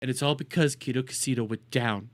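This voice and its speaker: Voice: medium pitch, quick pace. A streamer giving casual reaction commentary in crude, profane, mocking rants.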